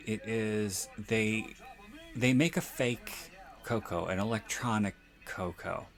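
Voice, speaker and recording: A man hosting a podcast, reviewing a horror episode in casual chat, sounding exasperated, skeptical and halting. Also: on the low side. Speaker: podcast host.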